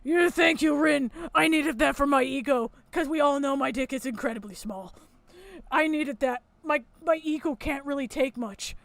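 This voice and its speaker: Woman doing a whiny near-forty man, fake gruff hero voice, needy, pleading, loud. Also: sits high, moderate pace. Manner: whiny, needy, repeating a name.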